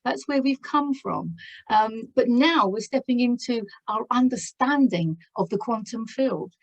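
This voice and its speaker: A woman's voice: a little high, unhurried, lo-fi sound. A woman giving a spiritual tarot reading to camera, effusive and exclaiming in wonder, laughing often as she talks. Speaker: tarot reader.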